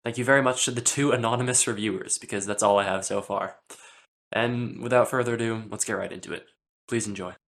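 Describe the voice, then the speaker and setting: A teenage boy hosting a school podcast in an upbeat, chatty way, sometimes speeding up and sometimes slowing down. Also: lowish voice, fairly even intonation, fairly bright tone. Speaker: podcast host. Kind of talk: casual podcast chat.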